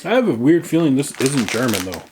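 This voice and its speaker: A man's voice: medium pitch, big pitch swings, a little fast, noisy background. A man casually chatting through a snack taste-test vlog, playful and muttering while he chews. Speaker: vlogger. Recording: crinkling snack bags close by.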